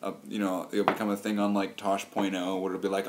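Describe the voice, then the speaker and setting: A man's voice: deep voice, level tone, brisk, slight background noise. Rambling man riffing crude jokes. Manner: meandering, restarts often, riffs on silly wordplay. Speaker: vlogger.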